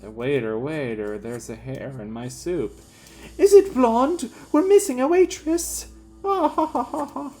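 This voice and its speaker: A man doing a deliberately bad impression of a manic comedian, yelping in an exaggerated comic voice. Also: high-pitched, darkish tone, voice pushed up. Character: shrill manic showman impression, male. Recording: game music playing behind.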